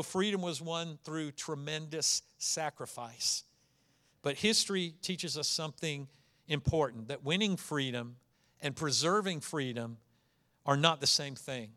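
Man, sermon, bright tone, slightly high voice, storytelling. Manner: conversational, storytelling with dynamic emphasis. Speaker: pastor.

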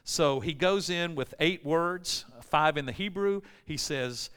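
A man's voice: on the high side, takes it slowly, a bit bright, clear, resonant tone. A man preaching a casual, joking sermon in a church, acting out prayers, with fillers along the way. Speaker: pastor. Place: church sanctuary. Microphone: amplified microphone, loud in the room.

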